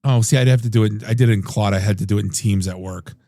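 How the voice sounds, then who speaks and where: Dark-voiced rambling male podcast host. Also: fairly low pitch, fast talker, no room sound, clean studio sound. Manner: rambling, restarts and trails off. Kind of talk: casual chat.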